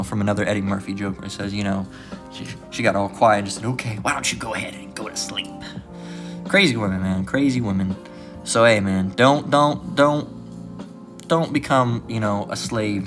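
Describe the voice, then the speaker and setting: Blunt, profane male street preacher. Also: medium pitch. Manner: blunt, profane, repeats "all right" often. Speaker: religious teacher. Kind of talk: casual preaching lesson.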